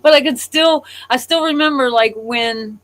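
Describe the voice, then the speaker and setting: A woman's voice: sits high, normal speed, fairly bright tone, rough recording. A woman co-hosting a casual chat, telling anecdotes and admitting she is a nervous traveler. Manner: storytelling, admits nervousness, acts out quotes. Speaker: co-host.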